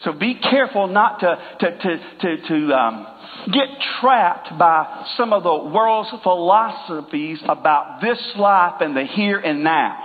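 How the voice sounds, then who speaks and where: A male pastor preaching a sermon in a church, talking to the congregation in a conversational way, joking with them and slowing down to stress key points. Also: high-pitched, big-room sound, narrow, tinny audio. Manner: conversational, jokes with the congregation, slows for emphasis.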